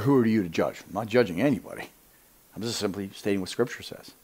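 A man preaching with a lively, swooping voice that sits a little high. He presses his points emphatically, keeps checking that his listeners follow him, and sinks to a near-whisper when he wants to stress a line. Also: slightly rough. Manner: emphatic, often asks listeners "you see it?". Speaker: Bible teacher. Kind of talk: animated preaching talk.

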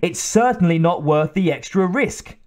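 A man doing a shrill female marine captain. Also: expressive, moderate pace. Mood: commanding. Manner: shrill commanding orders. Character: tough woman marine captain, wary commander.

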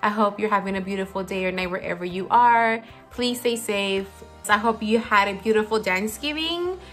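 A woman beauty vlogger chatting casually while she does her makeup, rambling with lots of fillers, her voice low from the morning. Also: moderate pace, faint music behind. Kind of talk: casual get-ready-with-me chat. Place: home, seated at a filming setup.

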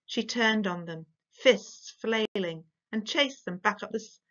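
A woman reading a storybook aloud as storyteller, measured and expressive. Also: medium pitch. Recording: dull lo-fi recording.

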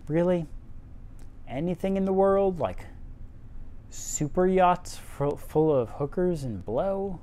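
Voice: medium pitch, expressive, takes it slowly, pauses often, warm tone. A tipsy amateur reader narrating a classic novel, dropping wry, profane asides. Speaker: audiobook reader. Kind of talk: casual amateur reading aloud with asides.

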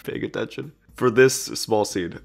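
A young man joining a casual movie chat as a guest. He rambles with quick asides and swears casually. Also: medium pitch, vocal fry.

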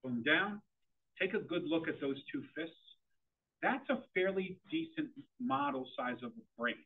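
A middle-aged man presents to a room of parents, firing questions at them in an animated, up-and-down delivery. His voice is a little husky and sits fairly high for a man. The sound is thin and tinny, like a phone line. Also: normal speed. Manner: animated, quizzes the audience.

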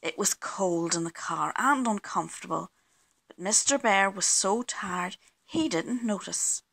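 Brief: woman storyteller, bright tone, unhurried and sing-song, voices the noises. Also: medium pitch, creaky. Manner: slow, expressive storytelling with sound effects. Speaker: children's story reader. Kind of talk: reading a picture book aloud.

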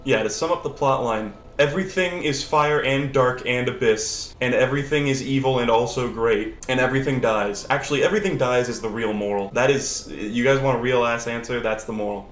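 A young man streaming a video game, chatting casually and excitably with swearing, sudden shouts and laughter. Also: mid-range voice, a little fast, few pauses, echoey room, a little hiss or hum. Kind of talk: casual gameplay commentary. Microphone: older lower-quality desk mic.

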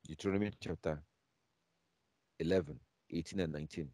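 Man, bible class teacher, low voice, emphatic, repeats phrases, dry recording. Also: fairly even intonation, warm tone, dry recording. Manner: reads scripture aloud slowly.

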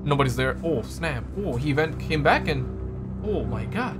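A man's voice: fairly high pitch, big pitch swings, moderate pace, loud music behind the voice. A young man hosting a reaction video, talking casually and exclaiming often in slangy speech. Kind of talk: live reaction commentary.

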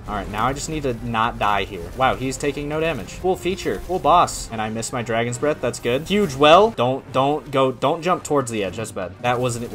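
Excitable man commentating his gameplay. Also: medium pitch. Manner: excitable, swears, frequent exclamations and muttering; self-deprecating, sarcastic. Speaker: gaming content creator.

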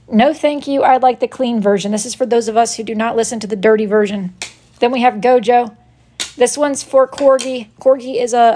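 A woman's voice: fairly high pitch, darkish tone, slight background noise. A woman hosting a casual live stream, playfully reading out joke slogans from her crafts and teasing viewers by name. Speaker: live-stream host showing her wood-burned crafts.

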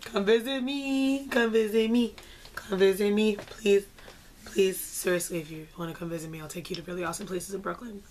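A woman's voice: mid-range voice, steady tone, brisk, darkish tone, a little hiss or hum, natural voice. A woman doing an impression of a male R&B singer, coaxing and drawn out. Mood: pleading. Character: male R&B singer, mellow and pleading.

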